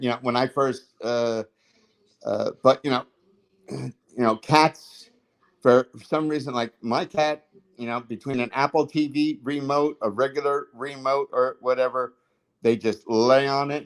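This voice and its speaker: A man's voice: medium pitch, low-quality recording. A man telling stories in a casual livestream chat, rambling with many fillers and restarts.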